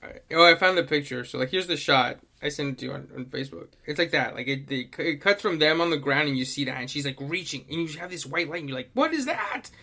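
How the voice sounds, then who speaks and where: A young man co-hosting a podcast, chatting casually in animated slang and swearing freely. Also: a little high, fast talker, creaky, hardly any pauses. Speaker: podcast co-host. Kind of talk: casual chat.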